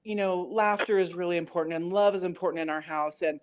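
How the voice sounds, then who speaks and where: A woman's voice: fairly low pitch, quick pace. A woman chatting casually as a coaching client, telling a story and quoting herself and her son. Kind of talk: casual conversation.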